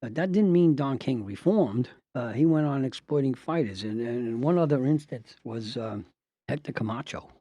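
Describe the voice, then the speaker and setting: An older man, a retired judge, tells wry, animated anecdotes and acts out the people he quotes. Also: mid-range voice, husky, no room sound, studio quality. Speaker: retired judge and lawyer telling stories. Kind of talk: anecdotal storytelling.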